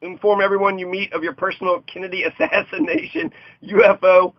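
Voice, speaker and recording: A man's voice: sits high, very animated, fairly quick, no echo. A young adult man reads a list aloud and riffs on each item with jokes, laughing often. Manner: joking, riffing, laughs often. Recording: dull lo-fi dry recording.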